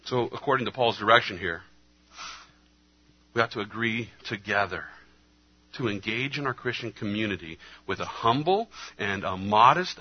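A man preaching a sermon earnestly, his delivery moving between hushed, slow passages and emphatic ones. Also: fairly low pitch, breathy edge. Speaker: pastor. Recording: slightly dull lo-fi sound.

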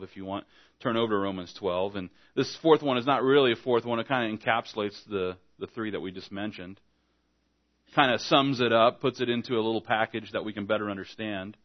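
In lo-fi sound, a man with a voice on the low side preaches an evening sermon as a pastor. His delivery is conversational, and he plays out small exchanges of dialogue to drive home each point.

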